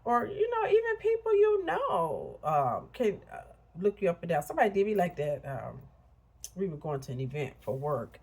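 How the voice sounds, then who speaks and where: With a fairly low, slightly mellow voice that has a breathy edge and huge pitch swings, a vlogger in her fifties from Illinois speaks at normal speed. She gives a candid, blunt motivational talk, chatting with viewers in asides.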